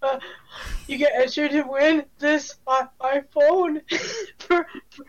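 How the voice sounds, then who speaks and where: A young woman co-hosting a podcast, halting and giggly, with many fillers. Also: high voice. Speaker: podcast co-host. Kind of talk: casual chat. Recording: lo-fi mic with faint noise.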